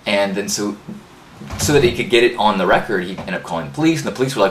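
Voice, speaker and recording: A man hosting a live inspirational talk, praying and then telling a story in an earnest, animated way. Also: fairly low pitch, fast talker, slight background noise. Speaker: host. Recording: roomy live webcast audio.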